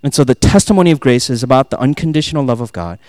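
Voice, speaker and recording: A male pastor preaching a sermon, swinging between loud, emphatic passages and soft, hushed asides, quoting and acting out lines. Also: medium pitch, racing, dry recording, studio quality. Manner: quotes and acts out lines, laughs at himself.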